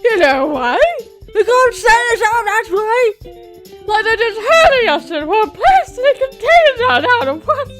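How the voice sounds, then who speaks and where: Manic game-text vagrant, male, yells everything, high and loud, a woman acting him out. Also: a little slow, soft background music, full character voice. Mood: frantic. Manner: shouting, ends words like excited questions. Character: excitable paranoid scruffy male street cyclist.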